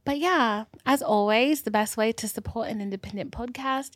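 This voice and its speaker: A woman in her twenties from the Caribbean, hosting a podcast and telling stories in a casual, animated way, dipping into whispers and high squeals. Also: normal speed, no room sound, clean studio sound. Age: 20s. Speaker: podcast host. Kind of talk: casual storytelling monologue.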